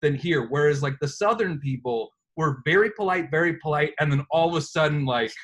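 A man explains something in a relaxed conversation. His voice sits a little higher than usual for a man, and he leans on fillers as he builds his point. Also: fairly quick, low-quality recording. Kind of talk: casual chat.

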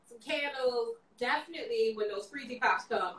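A woman's voice: fairly high pitch, normal speed, hardly any pauses, a crowd in the background. A woman hosting a casual live-stream chat, giggly and playful, slightly slurring after some wine. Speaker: host. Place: home, Maryland area. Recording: echoey room, away from the mic.

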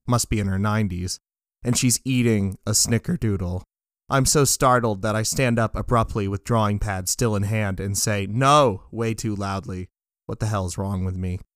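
Low-voiced deadpan man narrating dark fiction. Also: clear, resonant tone, dry recording, studio quality. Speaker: story narrator. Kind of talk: scripted first-person narration of dark fiction.

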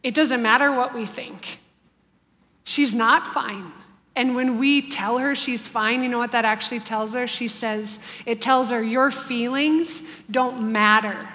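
Bright-voiced woman in a reverberant hall. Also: on the high side, fairly even intonation, unhurried. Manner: earnest, heartfelt, conversational. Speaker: church speaker on family life. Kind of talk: devotional talk to a congregation.

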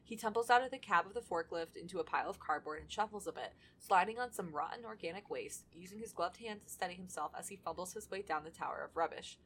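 A woman with a lower voice co-hosting a casual podcast. She reads fan fiction aloud, breaking off for laughing, loosely profane asides. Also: fast talker, hardly any pauses, slightly rough. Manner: chatty, laughs often, swears casually. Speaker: podcast co-host.

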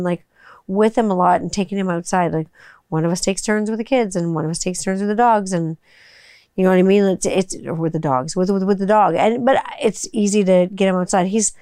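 Chatty woman, smooth clear voice. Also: mid-range voice, a little mellow, dry recording, studio quality. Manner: chatty, rambling, peppered with "like" and swearing. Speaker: vlogger. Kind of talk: casual chat.

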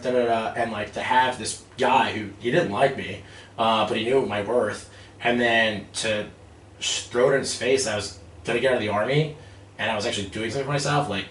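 A man in his thirties telling a lively story about his army days, acting out quotes and laughing often. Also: medium pitch. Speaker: guest, army veteran turned real estate investor. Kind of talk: casual storytelling interview. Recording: roomy, distant mic with faint noise.

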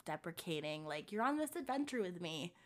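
A woman's voice: on the low side, big pitch swings, brisk. A young woman co-hosting a podcast, chatting casually, laughing often and saying "like" a lot. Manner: giggly, chatty, full of "like". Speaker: podcast co-host. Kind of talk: casual chat.

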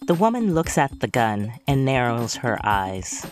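A woman narrating a story chapter in an unhurried, expressive storytelling manner. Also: a bass voice, faint music behind. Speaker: audiobook narrator.

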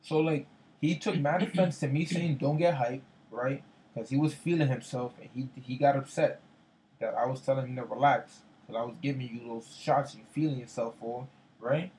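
A man chatting casually and retelling a quarrel in loose, slangy speech full of profanity. He circles back over his points and repeats phrases as he builds the story. His voice sits at an ordinary middle pitch. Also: moderate pace, a little mellow, a little hiss or hum, poor audio. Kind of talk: casual chat.

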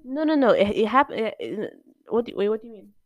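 A woman's voice: fairly high pitch, very animated, a little fast, dry recording. A woman co-hosting a casual movie-review podcast, telling the story chattily and jumping in to correct details. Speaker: podcast co-host.

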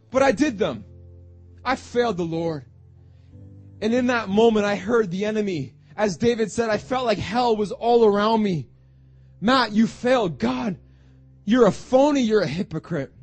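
High-voiced, fervent male preacher. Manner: fervent preaching, repeats phrases, rising to shouts. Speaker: pastor. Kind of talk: sermon.

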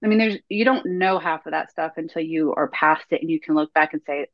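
A woman in her thirties telling her story as a podcast guest, animated, acting out her own past self-talk in quoted lines. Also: sits low, fast, no echo, muffled recording. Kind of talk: candid storytelling interview.

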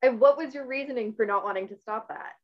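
A woman's voice: fairly high pitch, quick pace, lo-fi sound. A woman from Canada interviewing a guest in a casual, earnest, rambling way with many restarts.

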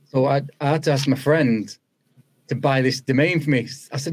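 A former footballer with a British accent and a mid-range voice shares his story as a podcast guest at a moderate pace. It's chatty storytelling, brought to life by his animated re-enactments of dialogue.

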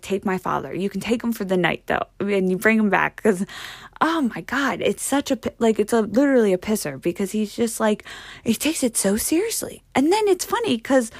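Gravelly-voiced woman rambling with swearing. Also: mid-range voice, big pitch swings, brisk, dry recording, studio quality. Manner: rambling, heavy on fillers and swearing. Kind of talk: casual storytelling monologue.

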